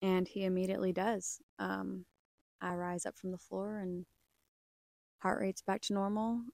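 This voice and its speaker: Young woman, podcast testimony, gravelly fry, dry close sound. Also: mid-range voice, little pitch movement, a little slow, a little mellow, no echo. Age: young adult. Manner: earnest, storytelling with many ums and uhs. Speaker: podcast host. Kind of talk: personal faith testimony.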